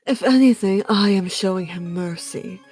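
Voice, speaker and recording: A woman's voice: medium pitch, moderate pace, darkish tone, soft background music, lightly acted. Stern female judge from a detective game, read by a woman streamer, formal and dramatic. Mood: imperious. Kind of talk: reading game dialogue aloud on a stream.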